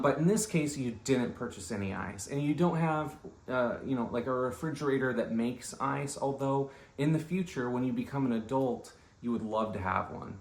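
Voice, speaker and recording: Rambling comic man in an echoey room. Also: mid-range voice. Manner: rambling, self-interrupting, conversational asides. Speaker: comedian. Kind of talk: rambling comedic monologue.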